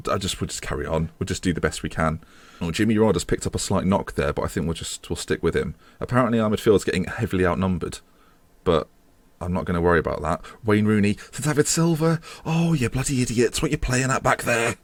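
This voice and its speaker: A man's voice: on the low side, expressive, fast talker, dry recording. A man giving casual commentary on his football management game, chatty and self-mocking, swearing when things go wrong. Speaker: gaming video host.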